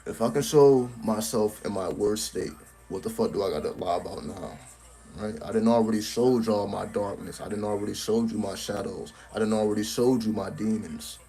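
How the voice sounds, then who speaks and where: A man's voice: fairly low pitch, moderate pace, mellow. A man giving a casual live-stream talk on a cell phone, blunt and profane, tagging his points with "right?", with faint music behind him. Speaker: spiritual content creator.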